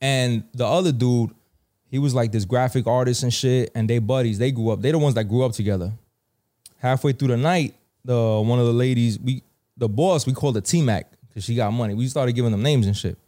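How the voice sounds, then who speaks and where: A man with a New York accent telling a casual story, slangy and animated, acting out the dialogue. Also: medium pitch, a little fast. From New York (Bronx).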